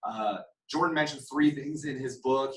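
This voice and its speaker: A man's voice: mid-range voice, normal speed, fairly bright tone. Man coaching sales calls in an echoey room. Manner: coaching, acts out sample phone calls. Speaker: sales trainer. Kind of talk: casual sales meeting talk. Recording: echoey room, mic at a distance.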